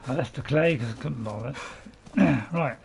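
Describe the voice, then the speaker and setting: A man's voice: mid-range voice, moderate pace, creaky, darkish tone, slight background noise. Rambling, apologetic man playing a game. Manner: rambling, apologetic, chuckling to himself. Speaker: gaming channel host. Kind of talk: let's play commentary.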